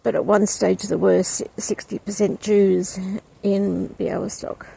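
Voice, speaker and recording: A vlogger from outside Poland walks through an outdoor cemetery on a breezy day, chatting reflectively to her handheld camera with frequent ums. Her mid-range voice is gravelly, dark and breathy-edged, with a level tone and a slightly slow pace.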